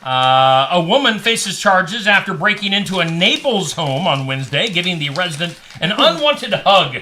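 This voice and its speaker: Male radio host, high bright voice, wisecracking news reader. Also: big pitch swings, moderate pace, slight background noise. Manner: jokey, reads stories aloud with asides; barks like a dog for laughs. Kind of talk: casual chat reading odd news.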